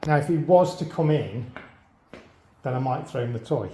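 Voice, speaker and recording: A male dog trainer calmly explains a training demonstration at normal speed, then shifts into high, upbeat praise for the dog. There's slight background noise.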